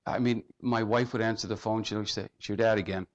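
A male pastor telling a personal story from the pulpit, heartfelt and earnest, his voice sinking low and quiet when he quotes people. The recording sounds dull and lo-fi, with a muffled top end. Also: fairly even intonation, fairly quick. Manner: heartfelt, dropping to soft tones in quotes. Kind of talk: emotional sermon storytelling.

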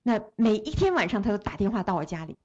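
A woman's voice: mid-range voice, big pitch swings, fast talker, a little mellow, highs cut off. A woman interpreting a sermon phrase by phrase, following the preacher closely with small restarts.

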